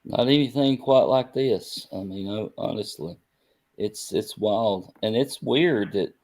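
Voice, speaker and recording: A man's voice: on the low side, a little slow, darkish tone. A man co-hosting a casual chat, musing in a hesitant way.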